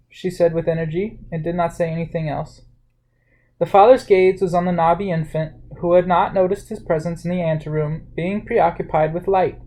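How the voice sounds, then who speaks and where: A storyteller reads a novel aloud in a plain, unhurried way. The voice sits at a mid pitch and stays even. Now and then a word slips and gets corrected. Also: rough recording. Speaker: audiobook narrator. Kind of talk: storybook reading.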